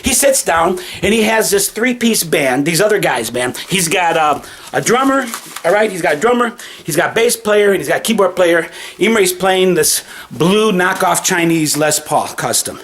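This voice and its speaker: A man's voice: high-pitched, expressive, moderate pace, fairly bright tone. A man telling a rambling, profane personal story, emphatic, with restarts and repetitions. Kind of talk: casual spoken anecdote.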